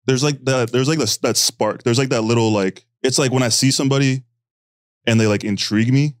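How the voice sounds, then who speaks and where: A man in casual podcast chat as a guest, talking loosely with lots of fillers and quick laughs. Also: medium pitch, no echo, studio quality. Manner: hesitant, filler-heavy, laughing.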